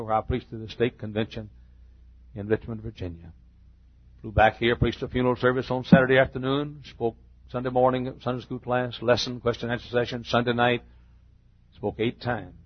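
An older man preaching in a church, retelling a personal story in a halting, heartfelt way with repeated phrases. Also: mid-range voice, husky, no room sound, muffled recording. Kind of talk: emotional sermon storytelling. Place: church sanctuary.

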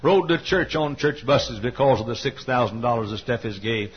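An older man preaching a sermon, telling stories with fervor and building to loud cries. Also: mid-range voice, expressive, normal speed. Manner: fervent storytelling preacher, rising to cries. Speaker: pastor. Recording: dull lo-fi sermon recording.

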